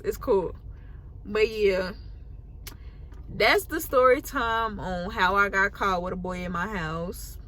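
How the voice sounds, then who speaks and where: An eighteen-year-old woman vlogger telling a casual storytime, animated and full of slang and swearing. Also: medium pitch, slight background noise.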